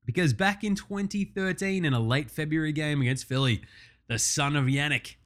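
A young Australian man hosting a casual sports podcast, loose and profane, getting excited over stats. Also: a little high, normal speed. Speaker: podcast host.

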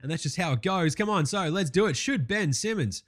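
Sweary excitable Australian podcast host. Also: male voice, high-pitched, fairly quick. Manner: profane, excitable, laughing rants. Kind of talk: casual sports podcast chat.

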